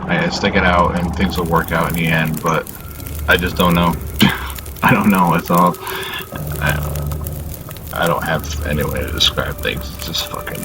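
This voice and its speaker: Weary low-voiced man in a vlog. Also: steady tone, loud music behind the voice, low-quality recording. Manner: halting, heavy on "you know" fillers, frequent swearing; weary and subdued. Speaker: channel host. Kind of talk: casual confessional vlog monologue.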